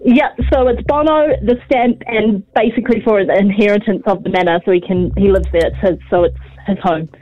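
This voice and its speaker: A woman's voice: medium pitch, a little fast, dull audio. A woman in her thirties with a New Zealand accent, calling in to a radio show, talking in a breathless, giddy way. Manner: breathless and giddy, laughing often. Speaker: caller. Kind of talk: excited radio phone call. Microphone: phone.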